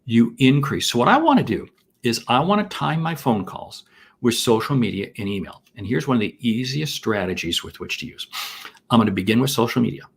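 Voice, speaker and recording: Husky, lively man teaching sales. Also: fairly low pitch. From United States. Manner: enthusiastic, shouts out to viewers, rhetorical questions. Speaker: sales trainer hosting a live masterclass. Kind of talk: energetic live-stream teaching.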